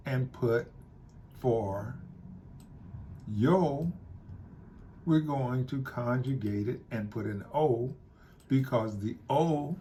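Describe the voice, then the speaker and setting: A man teaching a Spanish grammar lesson, explaining slowly and repeating key points. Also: mid-range voice, husky. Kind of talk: classroom-style grammar lesson.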